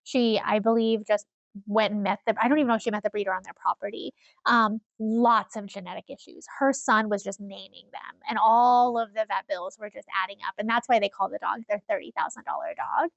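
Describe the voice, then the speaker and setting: A woman co-hosting a casual podcast, telling stories in an animated way and laughing often. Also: mid-range voice, brisk, creaky, dry recording, dull audio. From Iowa. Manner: animated storyteller, laughs often, acts out quoted people. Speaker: podcast co-host.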